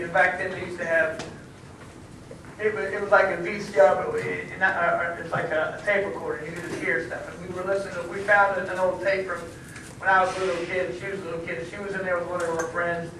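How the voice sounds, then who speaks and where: Guest speaker, male, earnest and rambling, fairly high voice, recorded from far off in a noisy, echoing school hall. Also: flat delivery, a little fast. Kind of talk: answering students' questions. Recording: echoey room from far off, noisy.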